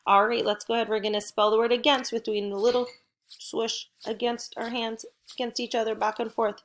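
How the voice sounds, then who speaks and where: A faint hiss or hum runs under this recorded home lesson, where a middle-aged woman teaches first graders. Her fairly high voice moves little in pitch as she speaks slowly, clearly, and encouragingly, in an upbeat way.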